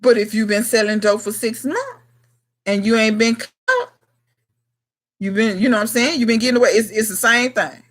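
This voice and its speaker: A woman's voice: on the high side, normal speed, pauses often. A woman in her thirties hosting a casual livestream chat, talking bluntly to her viewers in slangy, emphatic speech. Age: 30s. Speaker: gardening channel host.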